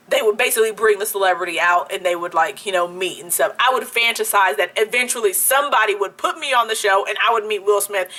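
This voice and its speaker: A young woman vlogger telling a story-time anecdote in a casual, animated way, laughing often. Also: medium pitch. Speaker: beauty YouTuber.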